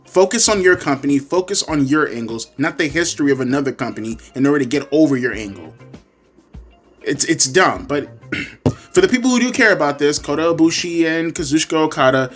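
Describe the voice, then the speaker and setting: A man's voice: a little high, animated, a little fast, a bit bright, faint music behind. A man giving crude, sarcastic, profanity-laced commentary as he reviews a wrestling show. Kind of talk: ranting commentary.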